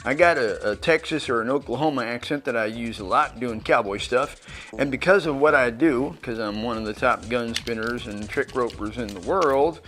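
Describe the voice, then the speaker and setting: A man's voice: mid-range voice, moderate pace, fairly bright tone. A man, an actor, giving casual career tips in a chatty, anecdotal way and speaking directly to the viewer. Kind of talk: conversational tips video.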